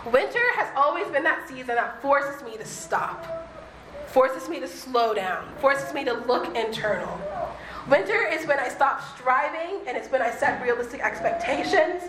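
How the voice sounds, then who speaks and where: High-voiced woman, earnest faith talk. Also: animated, background noise. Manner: earnest, conversational, slows for emphasis. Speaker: speaker. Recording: echoey room with faint ambience.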